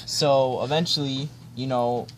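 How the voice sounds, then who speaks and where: A man's voice: mid-range voice, steady tone, unhurried. A young man mock-reading a children's storybook aloud, ad-libbing with laid-back slang and joking asides. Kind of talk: comedic ad-libbed storybook reading. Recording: friends chatting and laughing nearby.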